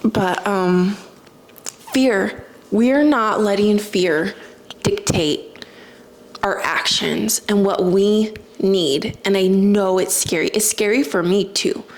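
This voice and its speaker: A woman's voice: mid-range voice, slow. A young woman talking casually to her viewers, chatty and emotional, with lots of "like" as she tells a personal story. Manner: chatty, emotional, says "like" often. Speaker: spiritual vlogger.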